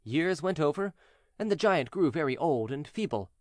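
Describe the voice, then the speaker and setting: A man narrating a fairy tale for English learners in a clear, measured, expressive way. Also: a little high, dry recording, studio quality. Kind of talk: storybook reading for English learners.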